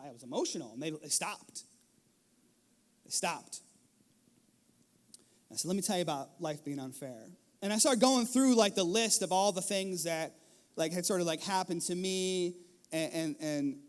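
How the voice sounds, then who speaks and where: A middle-aged man, a pastor, preaching a sermon in a lively storytelling manner, acting out scenes from his family life. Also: sits high. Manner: animated storytelling, acts out his kids and himself. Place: church stage.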